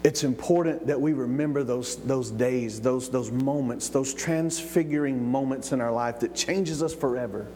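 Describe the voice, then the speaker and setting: A man's voice: mid-range voice, mellow, a little hiss or hum. A man preaching a sermon in an emphatic way, drawing words out and calling for amens. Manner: emphatic, drawn-out pauses, calls of amen. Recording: long reverb of a large hall.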